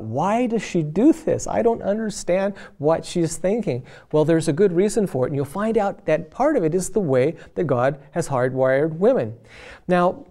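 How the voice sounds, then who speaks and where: A middle-aged man giving a relaxed marriage teaching, putting questions to the men listening. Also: a little high. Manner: chatty, addresses men directly with questions; acts out quoted voices of wife and friends.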